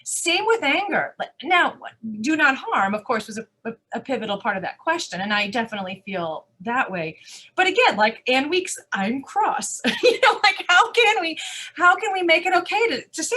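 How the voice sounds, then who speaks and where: Woman speaker in live Q&A; fairly high voice, emphatic, rhetorical, self-correcting. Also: moderate pace, breathy edge. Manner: animated, emphatic, rhetorical questions, many restarts. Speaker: conference speaker. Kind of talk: live Q&A answers.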